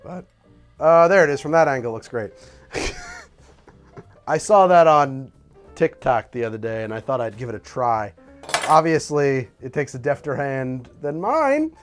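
A man hosting a comedic bartending show, talking in an animated, wry and profane way while he mixes and tastes drinks. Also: mid-range voice, measured pace, faint music behind. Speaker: cocktail show host.

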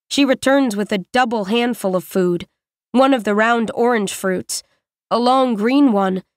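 A woman narrating an audiobook in the first person, with measured, reflective storytelling on a close studio microphone. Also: on the high side, no room sound.

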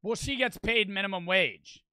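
Teen male streamer, high bright voice, dry close sound, argues hotly and swears a lot. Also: moderate pace, clean tone, dry recording. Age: teens. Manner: heated, profane, full of "like" fillers. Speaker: streamer reacting to a video. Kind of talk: casual reaction commentary.

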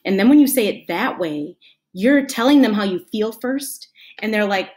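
A woman's voice: a little high, brisk, a little mellow. Patient woman teacher talking to kids. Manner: patient, friendly, acts out example lines. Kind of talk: classroom lesson talk.

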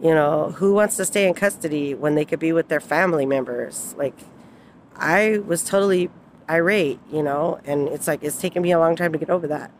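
A woman's voice: deep voice, brisk, slight background noise. Rambling woman vlogger, laughing often. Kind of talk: casual personal storytelling.

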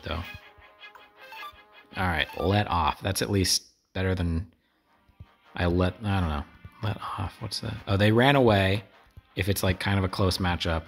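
A man giving casual, rambling commentary while playing a video game, with wry asides to his viewers. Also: deep voice. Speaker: gameplay streamer. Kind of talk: casual let's play commentary.

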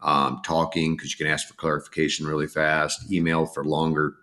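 This man has a bass voice and a flat, fairly quick delivery with a sharp tone. Co-hosting a podcast, he talks about recruiting in a relaxed way, musing out loud and frequently starting his thoughts over.

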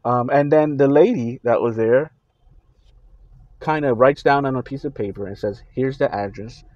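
Man, halting casual talk, many fillers, dry close sound, dull lo-fi audio. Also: medium pitch, no room sound. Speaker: Christian channel host. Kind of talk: casual dream recounting.

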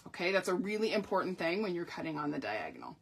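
Chatty woman crafting host, husky voice. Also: lowish voice, huge pitch swings, fast talker. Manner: chatty, upbeat, self-deprecating asides. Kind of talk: live card-making demonstration.

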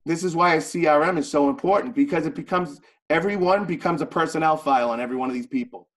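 Boston-accented man, blunt trainer talk, slightly high voice, echoey training room. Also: fast. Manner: blunt, conversational, jokey. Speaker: real estate trainer.

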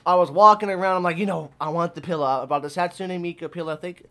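A man's voice: high-pitched, fast, fairly bright tone. A young man from Arkansas, out of breath, chatting casually and rambling through a vlog about his convention haul. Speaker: vlogger.

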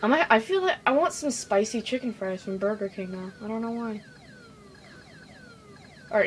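Young woman, high voice, excitable gameplay chatter, faint room hiss. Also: normal speed, rough recording. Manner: chatty, excitable, jumping between loud outbursts and mumbles. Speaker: gaming video host. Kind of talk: casual gameplay commentary.

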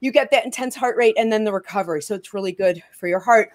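A woman's voice: medium pitch, quick pace, no echo. A woman hosting a casual talk show over a video call, upbeat and laughing often. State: out of breath. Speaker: host.

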